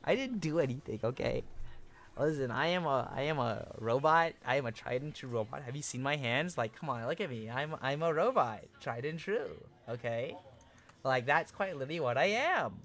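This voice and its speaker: A young man hosting a casual live stream, chatting excitedly with viewers, swearing and laughing as he reacts to chat. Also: mid-range voice, moderate pace. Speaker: livestream host.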